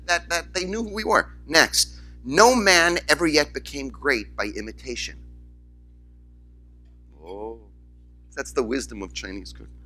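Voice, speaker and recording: A man, a rabbi, giving a conference keynote, telling stories and acting out the voices of the people in them. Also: fairly high pitch. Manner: storytelling, animated, acts out quoted voices. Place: conference hall, in front of audience.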